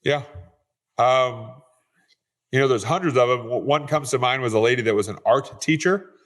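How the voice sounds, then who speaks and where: A man's voice: medium pitch, normal speed, fairly bright tone. A man who is a real estate investor, speaking as a guest in a casual interview, earnest and often repeating words as he restarts.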